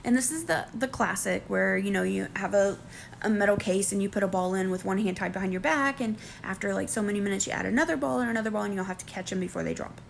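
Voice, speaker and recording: Animated woman with a gravelly edge. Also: mid-range voice, fast talker, slight background noise. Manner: animated, excitable, jumps to squeals. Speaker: reality show recap vlogger. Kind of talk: casual recap vlog.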